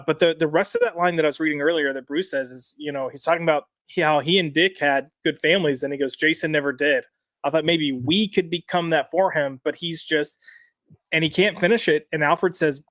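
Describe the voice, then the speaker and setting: Lively man co-hosting a comics show. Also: fairly high pitch, normal speed, no room sound, studio quality. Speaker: comics podcast co-host. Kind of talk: casual chat.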